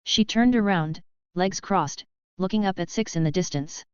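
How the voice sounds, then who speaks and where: Female narrator, low smooth voice, even storybook reading, dry muffled recording. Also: normal speed, dry recording. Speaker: audiobook narrator. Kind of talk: scripted narration.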